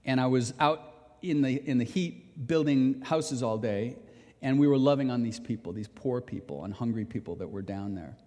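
A man's voice: medium pitch, moderate pace, mellow. A man preaching a sermon as a pastor, telling a personal story in an earnest, emphatic way. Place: church sanctuary. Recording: reverberant church hall.

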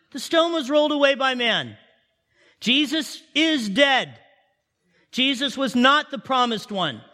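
A man preaching an Easter sermon, telling a story with animated delivery and repeating key lines for emphasis. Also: very high-pitched, big-room sound. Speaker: pastor.

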